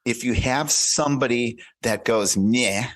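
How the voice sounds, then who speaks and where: A man speaking as a coach in a casual podcast interview, animated and acting out little dialogues, with many restarts and repeated words. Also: mid-range voice, a little slow, dry recording. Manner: animated, acts out little dialogues in shifting voices. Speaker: career and life coach guest.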